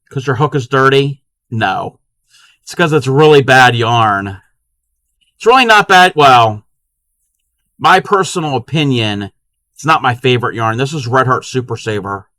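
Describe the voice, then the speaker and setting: A man chatting casually with his live-stream chat while crocheting, sometimes counting stitches quietly to himself. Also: mid-range voice, expressive, a little slow, long pauses, no room sound.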